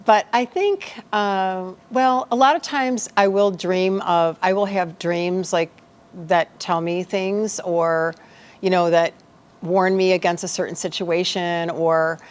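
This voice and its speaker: Low-voiced woman telling a story animatedly. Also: takes it slowly. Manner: animated, acts out dialogue in her stories. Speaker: life coach guest. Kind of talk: casual storytelling in a podcast interview.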